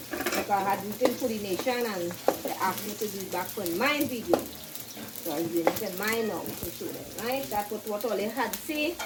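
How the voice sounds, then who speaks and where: A talkative woman walks viewers through her cooking, keeping up an easy chat and tagging "right?" onto her sentences. She stands some distance from the camera mic. Loud frying and sizzling from the pan fill the sound around her voice. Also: mid-range voice, very noisy. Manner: chatty, repeats "right?", calls herself by name. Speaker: home cook vlogger. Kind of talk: casual cooking demonstration. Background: sizzling frying food.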